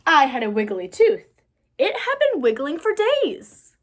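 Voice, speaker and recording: Young woman, high voice, lively sing-song reading, children's storybook read-aloud. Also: unhurried. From Pennsylvania. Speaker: storybook reader.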